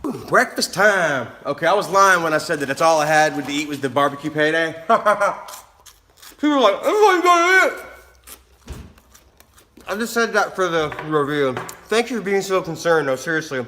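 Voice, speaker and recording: A man talks to his camera in a loose, rambling vlog, laughing between sentences and swearing freely. His voice sits high for a man and has a bright, sharp edge. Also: animated, fairly quick. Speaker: vlogger. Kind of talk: casual vlog storytelling.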